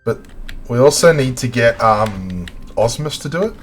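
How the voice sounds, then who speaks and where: Excitable man chatting on a game stream. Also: mid-range voice, moderate pace, soft background music. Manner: excitable, chatty, exclaims often while exploring. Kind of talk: casual game stream chat.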